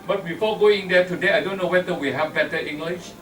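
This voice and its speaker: A man's voice: high voice, fast, fairly bright tone. Thai-accented man giving a club speech. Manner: instructive, jokey, plays out pronunciation examples. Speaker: Toastmasters meeting evaluator. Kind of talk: club speech with humorous anecdotes. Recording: echoey room from far off, faint noise.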